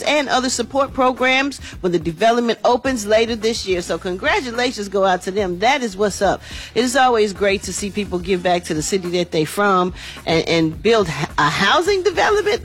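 A woman hosting a morning radio entertainment news segment, chatty and slangy, talking to listeners as y'all. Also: medium pitch.

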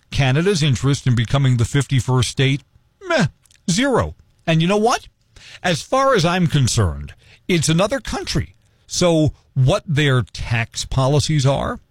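A man's voice: mid-range voice, dry recording, clean studio sound. A man giving a casual, wry explainer monologue with folksy asides. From United States. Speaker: commentator.

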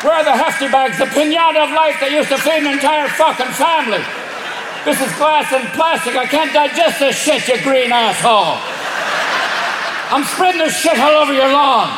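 Loud irish raccoon ranting high, man doing the voice, big crowd roaring. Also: moderate pace, roomy sound, heavy background noise. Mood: furious ranting. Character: angry male raccoon, scrappy and foul-mouthed. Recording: live venue with loud crowd.

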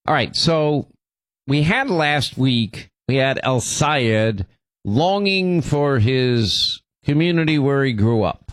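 A male host delivers political commentary in a loose, conversational way, often sliding into sarcasm. The sound is dry and close, with his voice at an ordinary middle pitch for a man. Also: animated, slow, no room sound.

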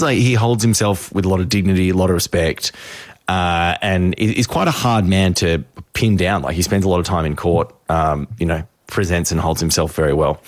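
A man's voice: deep voice, no room sound, clean studio sound. A man, a radio host telling a story in casual chat and acting out voices. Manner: animated storyteller, acts out voices.

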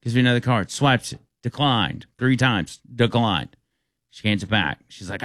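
A man's voice: mid-range voice, normal speed, pauses often, no echo, studio quality. A man hosting a radio talk show, telling a story casually and acting out the people in it. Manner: animated, acts out the people in his stories.

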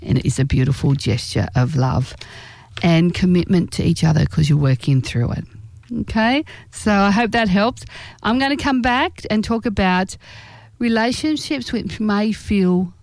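A woman giving relationship advice in a direct, earnest way, slowing down to stress key phrases. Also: fairly low pitch, expressive, a little mellow, no echo. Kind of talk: direct-to-camera advice talk.

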